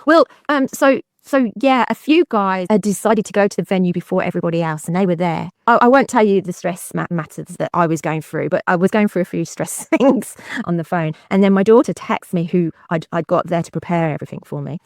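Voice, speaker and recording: A woman's voice: on the low side, expressive, brisk, few pauses, no room sound, clean studio sound. A middle-aged woman co-hosting a podcast. She chats casually and laughs often. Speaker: podcast co-host and event organiser.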